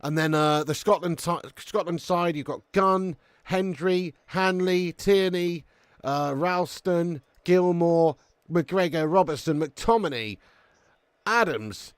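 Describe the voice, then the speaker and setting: A man's voice: on the high side, slow, clean tone, dry recording. A man hosting a live football watch-along, bantering brashly with viewers, swearing often and reading their comments aloud. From England.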